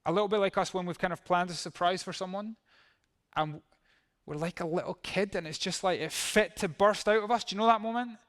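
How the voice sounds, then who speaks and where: A man's voice: sits high, a little fast, a bit bright. A male pastor preaching a sermon in a conversational way, reading verses and acting out how they might sound.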